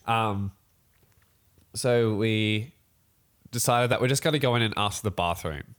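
A man's voice: on the low side, smooth. A young man, telling a story in a casual podcast chat and acting out other people's voices as he goes. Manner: animated storytelling, quick laughs, acts out voices.

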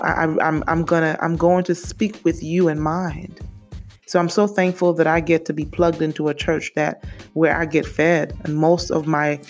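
Gravelly, earnest Saint Lucian woman. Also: sits low, a little mellow. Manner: earnest, repeats phrases, addresses listeners directly. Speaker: podcast host and therapist. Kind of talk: casual faith podcast monologue.

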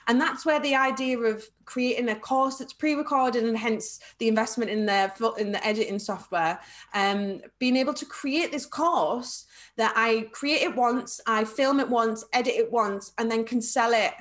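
A woman with a Liverpool accent, a business networking trainer chatting as a guest in an interview, lively and quick to laugh. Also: fairly high pitch. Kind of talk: casual interview chat.

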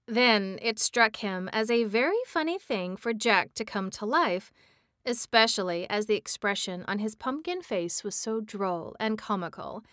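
A woman reading a storybook aloud, measured and expressive. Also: mid-range voice, no room sound, clean studio sound. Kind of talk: storybook read-aloud narration.

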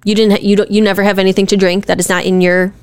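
A woman's voice: medium pitch, little pitch movement, very fast, clear, resonant tone, no echo. A woman co-hosting a podcast with her husband, talking earnestly and emphatically in a conversational way. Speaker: podcast co-host, wife. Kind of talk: casual podcast chat.

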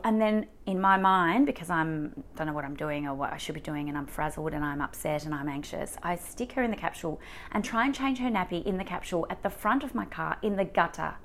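An Australian woman recounts a personal story with raw emotion, stumbling through fillers and restarts. Her voice sits low and carries a gravelly edge of vocal fry. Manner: emotional, animated retelling with many fillers. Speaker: mother sharing a personal story.

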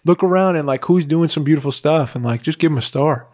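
A young man co-hosts a podcast in a casual chat, earnest and heartfelt, saying "like" and "bro" constantly. His voice is a little high and darkish in tone, and he talks at a quick pace.

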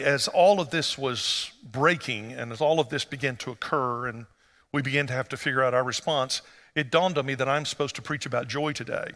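A man preaching a sermon as pastor, conversational and storytelling, rising to animated emphasis. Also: medium pitch, long reverb tail.

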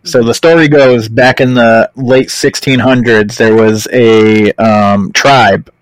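A man's voice: mid-range voice, slow pace, dry recording, rough recording. A man in his thirties, a podcast guest, telling stories in casual chat and swearing freely as he acts out what people said. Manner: animated storyteller, swears freely, acts out quotes.

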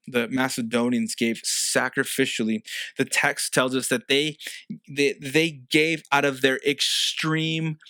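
A man's voice: mid-range voice, level tone, slow pace, bright, forceful tone, dry recording. A man preaching a sermon as a pastor, earnest and conversational, often restarting phrases.

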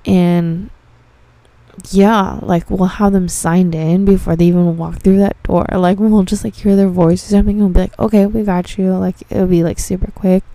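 With a fairly low pitch, dark tone, and fairly even intonation at a moderate pace, a young dispensary receptionist swears and laughs her way through exasperated customer stories. It's a casual monologue on a dry recording.

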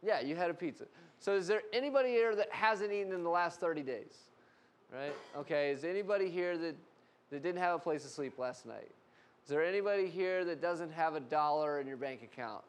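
Male preacher, high voice, animated, casual sermon. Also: a little fast. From United States. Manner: animated storytelling, casual fillers.

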